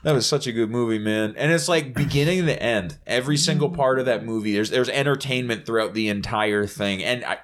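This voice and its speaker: A young man co-hosting a podcast in excitable, slangy casual chat, laughing often. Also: mid-range voice, brisk, few pauses. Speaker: podcast co-host.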